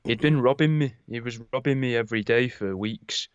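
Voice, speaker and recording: A man's voice: medium pitch, fairly quick, clean tone, no echo, dull audio. A young adult man, a podcast co-host animatedly telling a story with plenty of swearing. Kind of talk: casual chat.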